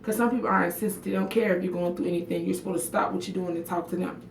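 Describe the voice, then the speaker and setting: Gravelly woman ranting on a livestream, echoey. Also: lowish voice, steady tone, racing, a little hiss or hum. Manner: frank, emotional, swears freely, answers viewer comments by name. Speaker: livestream vlogger. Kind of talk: casual livestream chat to viewers. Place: bathroom at home. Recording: echoey room audio picked up from a distance.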